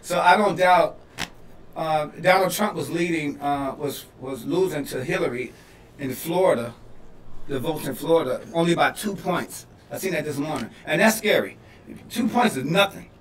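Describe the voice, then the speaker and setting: A man from Detroit, a comedian co-hosting a podcast, riffing loudly and laughing through his punchlines. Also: fairly high pitch, normal speed. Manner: animated, laughing, yelling punchlines. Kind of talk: loose comedic banter. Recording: echoey room, mic at a distance, faint noise.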